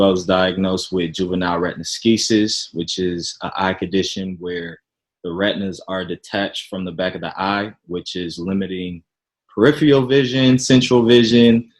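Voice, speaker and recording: Deep-voiced man telling his story. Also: low-quality recording. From Chicago, Illinois. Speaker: podcast guest. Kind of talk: casual interview chat.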